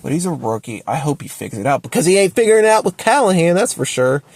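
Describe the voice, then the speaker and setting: A man talks fast with lively intonation, ranting at home about his football team. The sports fan commentator sounds exasperated in this opinion video, repeating himself as his pitch swings sharply up and down.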